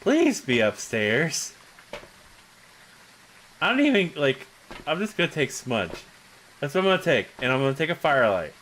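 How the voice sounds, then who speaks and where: A man streaming a horror game, chatting about his moves, laughing often and breaking into shouts when things go wrong. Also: fairly high pitch, very animated, moderate pace, pauses often, slight background noise. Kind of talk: live gameplay commentary.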